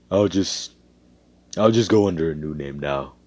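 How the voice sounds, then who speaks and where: Brief: man doing a bitter, traumatized young hero, low flat voice, dry close sound. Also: dry recording, full character voice. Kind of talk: casual fan story narration.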